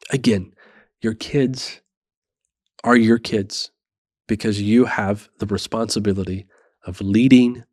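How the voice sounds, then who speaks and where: A man in his thirties hosting a parenting show, talking in an earnest, measured and self-reflective way. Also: fairly low pitch, steady tone, a little mellow, dry recording, clean studio sound. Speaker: parenting podcast host. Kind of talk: reflective monologue.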